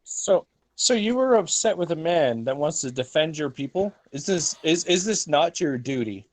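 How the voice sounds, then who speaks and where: A young man playing a tabletop game, speaking in character in a halting, earnest way. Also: fairly high pitch, lively intonation, a little hiss or hum. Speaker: player. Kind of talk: in-character role-play.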